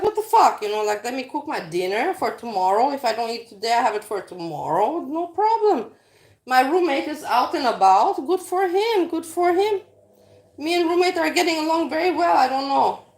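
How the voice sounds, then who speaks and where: A woman vlogging while cooking in her home kitchen, talking in a blunt, rambling and profane way. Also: on the high side. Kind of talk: casual rambling chat.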